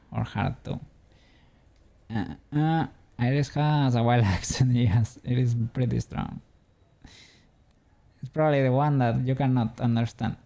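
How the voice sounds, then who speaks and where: Streamer, male, dark gravelly tone, rambling chat punctuated by chuckles. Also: mid-range voice. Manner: rambling, chuckling often, self-correcting. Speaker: livestreamer doing 3D modeling. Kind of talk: casual chat with viewers.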